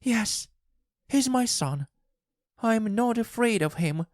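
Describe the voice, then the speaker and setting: A man's voice: expressive, takes it slowly, no echo, studio quality, full character voice. A man putting on a frantic, grieving old mother. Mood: pleading. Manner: high, pleading cries. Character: grieving older woman, desperate and frantic.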